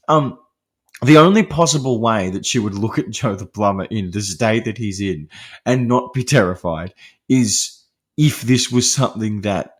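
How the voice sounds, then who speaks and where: A man hosting a podcast, talking through a film in a casual, rambling way with many fillers and restarts, laughing lightly between points. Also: medium pitch. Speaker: podcast host discussing horror films.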